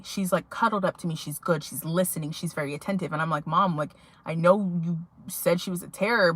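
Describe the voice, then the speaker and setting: A woman's voice: fairly low pitch, fairly bright tone. A young adult woman vlogging to her viewers, telling a rambling story in a chatty way with many fillers. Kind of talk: casual chat to viewers.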